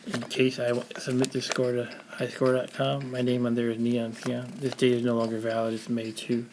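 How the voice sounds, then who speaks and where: A man's voice: medium pitch, completely flat delivery, moderate pace, noisy background. A man with a New York accent, casually chatting to a live-stream audience while playing a retro game, thinking aloud as he goes.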